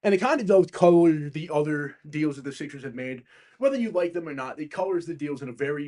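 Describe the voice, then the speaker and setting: A young man hosting a casual livestream about basketball trades, rambling, swearing often and getting heated and loud. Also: fairly high pitch, expressive, fairly quick. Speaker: stream host.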